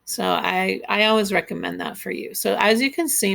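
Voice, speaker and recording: A woman's voice: mid-range voice, moderate pace, vocal fry, few pauses, fairly bright tone. A woman teacher walking her students step by step through a class project in a screen-recorded tutorial, patient and instructive.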